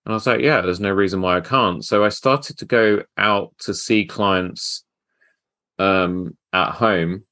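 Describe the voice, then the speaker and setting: A man who hosts a business podcast and works as a tailor, telling stories in a relaxed way. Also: low voice, measured pace, no echo. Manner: relaxed storyteller. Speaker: host, tailor. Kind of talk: casual interview chat.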